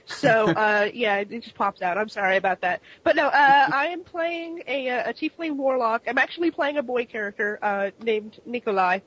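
A woman's voice: fairly high pitch, moderate pace, few pauses, a bit bright, dry recording, dull audio. A woman playing a tabletop game, chatting with frequent giggles and apologies. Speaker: player. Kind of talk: casual tabletop game talk.

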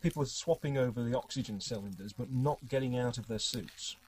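A man's voice: medium pitch, brisk, a little hiss or hum, poor audio. A man running a tabletop game, narrating in a wry, chatty way and laughing often. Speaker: game master.

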